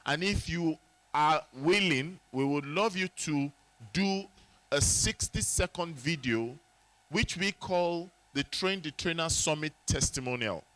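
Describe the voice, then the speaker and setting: Guy running a summit session, talks slow, bright edgy voice, keeps asking the crowd stuff. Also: fairly high pitch. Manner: exclamatory, asks the audience questions. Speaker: event host.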